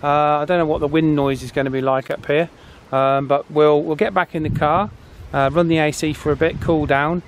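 A man hosting a radio hobby vlog outdoors on high ground, chatting in a relaxed, thinking-aloud way. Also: moderate pace, a little hiss or hum. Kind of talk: casual vlog narration.

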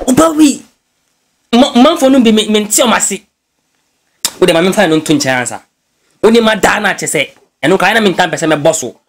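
A man from Ghana, a news blogger, giving casual gossip commentary in an animated way and slipping English phrases into his talk. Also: high voice, a little fast, long pauses.

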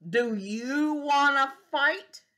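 A woman voicing a grouchy, bossy ladybug that shouts and picks fights in a picture-book reading. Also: high voice, drawn-out words, pitched above the performer's own voice, exaggerated voice. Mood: challenging. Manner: loud, shouting, challenging.

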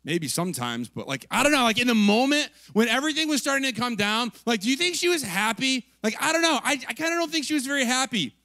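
A man's voice: extremely high pitch, expressive, quick pace, few pauses, pushed and bright, no echo. A man preaching a casual, conversational sermon, peppered with "like" and "right?" and acting out the people he quotes. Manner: chatty, lots of "like" and "right?", acts out quotes with laughs. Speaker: pastor.

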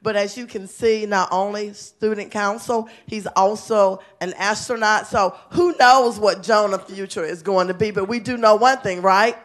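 A woman's voice: medium pitch, fairly even intonation, normal speed, hardly any pauses. Woman, school principal, award speech, chatty, enthusiastic, council chamber. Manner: enthusiastic, chatty, laughing often.

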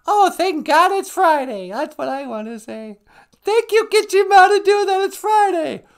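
A man voicing a young daughter in a very high falsetto, giddy and gushing. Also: sing-song, normal speed, vocal fry, full character voice. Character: squeaky excitable young daughter.

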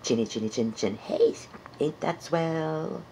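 A woman's voice: low voice, measured pace, warm tone, slight background noise. A woman voicing a shy blue furry puppet creature, unsure and playful as she searches for its voice in improvised comedy. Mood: silly.

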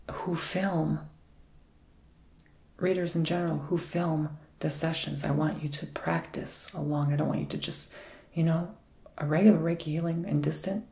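Male ASMR healer, gravelly hushed whisper, drifting and soothing, roomy echo. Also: fairly high pitch. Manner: soft, mostly whispered, meandering and reassuring. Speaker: ASMR Reiki healer and tarot reader. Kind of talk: ASMR healing session.

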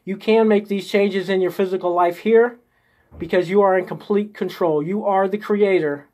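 A high-pitched man with fairly even intonation, a moderate pace and a darkish tone leads a live spiritual coaching stream. Guiding his viewers through an inner exercise step by step, he coaxes them with "okay?" or "right?" every few sentences.

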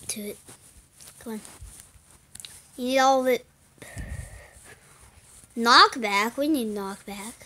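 A woman giving casual let's-play commentary while she plays, muttering to herself, slipping into whispers and breaking into sudden excited outbursts. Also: on the high side, slight background noise, rough recording.

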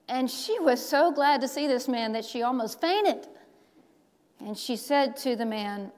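A woman pastor preaching a sermon, telling a story slowly with dramatic pauses. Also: on the high side, darkish tone. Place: large church sanctuary. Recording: long church hall reverb.

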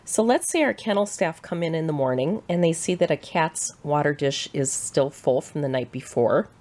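A woman with a Midwestern American accent giving a clear, measured, scripted presentation as a shelter educator. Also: low voice, animated, a little mellow.

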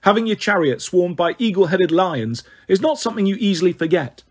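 High, husky male audiobook narrator. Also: lively intonation, brisk.

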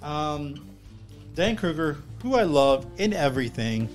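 A man's voice: on the high side, big pitch swings, a little slow, soft background music. A man reviewing a film on a podcast, laid-back and jokey in casual chat.

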